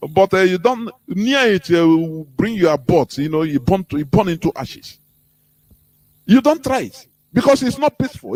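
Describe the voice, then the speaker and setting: A man's voice: on the high side, a little mellow, no room sound. A man with a Nigerian English accent giving an impassioned political talk as a radio host, full of rhetorical questions. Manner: preaching, rhetorical questions, acts out quoted voices.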